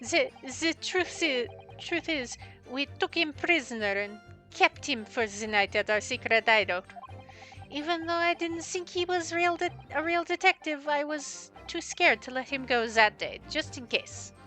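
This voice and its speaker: A woman's voice: sits high, animated, a little slow, sharp tone, faint music behind, heavily acted. A woman voicing a panicky, whimpering male crook with a put-on Italian accent. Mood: pleading. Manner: whimpering, stammering, pleading.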